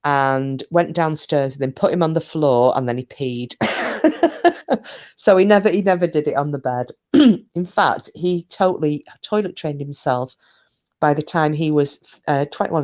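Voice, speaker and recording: A woman with a low, slightly mellow voice chats casually on a live stream. She rambles through stories, responds to comments, and swears mildly.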